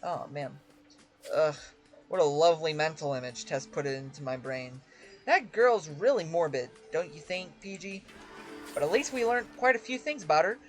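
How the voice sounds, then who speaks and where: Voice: mid-range voice, animated, normal speed, soft background music, close to an everyday voice. A gamer reading game dialogue aloud, voicing a chatty, eager male police officer who talks to his partner.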